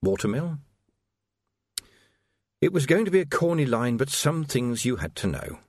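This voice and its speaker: A man's voice: mid-range voice, sing-song, fairly quick, dry recording, clean studio sound. A man narrating an audiobook expressively, acting out the characters.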